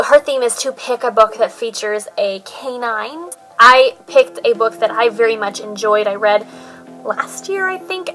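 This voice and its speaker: A woman's voice: a little high, bright, forceful tone, rough recording. A woman chatting through a book tag video in a put-on, jokey mixed accent, rambling and poking fun at herself. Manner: rambling, chatty, self-mocking. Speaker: book vlogger. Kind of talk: casual book tag chat.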